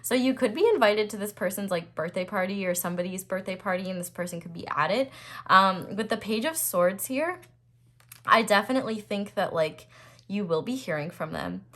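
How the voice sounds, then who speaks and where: A young woman giving a casual tarot reading to her viewers, chatty and full of fillers, breaking into excited bursts as she turns cards. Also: medium pitch, a little fast. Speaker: tarot reader.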